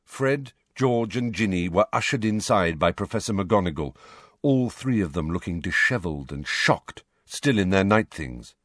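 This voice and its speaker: A man's voice: sits low, normal speed, dry recording. A man narrating a fantasy novel as an audiobook reader. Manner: lively storytelling, dry close reading. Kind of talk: scripted narration.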